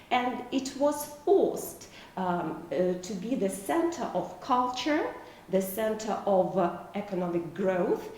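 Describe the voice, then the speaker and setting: A woman, a Russian native speaker, giving a university video lecture in English, explaining slowly with many hesitations and fillers. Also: mid-range voice, a little mellow. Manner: slow, careful explaining with frequent hesitations. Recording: echoey room, mic at a distance, faint noise.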